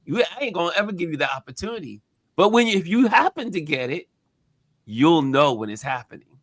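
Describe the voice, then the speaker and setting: A man hosting a casual talk show, telling stories with animated emphasis. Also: a little high, a little fast, no room sound. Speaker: podcast host. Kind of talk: casual chat.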